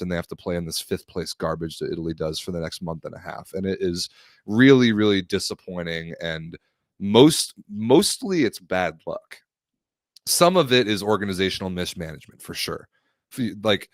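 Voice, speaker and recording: Male podcast co-host, deep voice, dry close sound, opinionated and scoffing. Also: no echo. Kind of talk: casual sports podcast chat.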